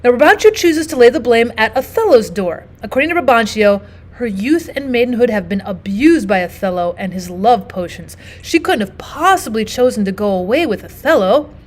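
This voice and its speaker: Woman teacher, fairly high voice, steady explanatory lesson narration. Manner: explanatory, steady, often starts with "now" and "so". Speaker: literature teacher.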